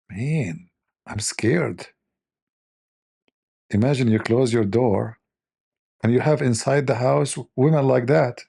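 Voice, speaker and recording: Gravelly, husky man joking around. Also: medium pitch, slow, long pauses, mellow, no room sound, studio quality. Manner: mocking, rambling, thinks aloud. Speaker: host. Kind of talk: joking commentary.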